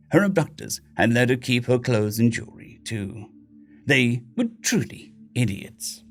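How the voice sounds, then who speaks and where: A man's voice: medium pitch, a little mellow. A man steadily narrating a science fiction short story. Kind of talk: scripted sci-fi story narration.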